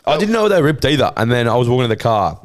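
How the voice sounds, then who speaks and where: A man's voice: mid-range voice, big pitch swings, fast talker. A man in his twenties with an Australian accent, co-hosting a podcast and telling a story in a laid-back, blunt way, swearing freely. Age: 20s. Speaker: podcast co-host. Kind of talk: casual storytelling chat.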